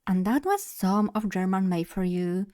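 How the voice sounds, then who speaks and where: A woman's voice: mid-range voice, animated, darkish tone. A young woman, chatting casually and rambling a little as a streamer, laughing at herself often. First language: Polish. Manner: rambling, chatty, self-deprecating, quick to laugh. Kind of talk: casual live-stream chat.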